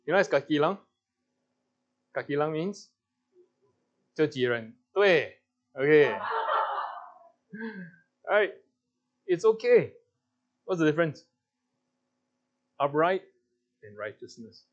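A man's voice: a little high, big pitch swings, takes it slowly, pauses often, highs cut off. A man with a Singaporean English accent leading a Bible class, playfully coaxing answers from the group and laughing often. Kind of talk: interactive Bible teaching.

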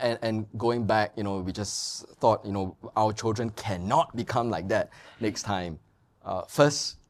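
A middle-aged male pastor preaching a sermon and telling anecdotes, mimicking people in high sing-song voices. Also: a little mellow.

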